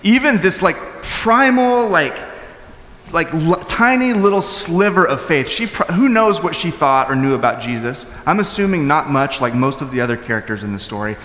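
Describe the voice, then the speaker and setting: A male pastor giving a conversational sermon. He talks informally with fillers and restarts, and swings from loud, high emphasis to soft, low asides. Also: expressive, normal speed. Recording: echoey hall with long reverb.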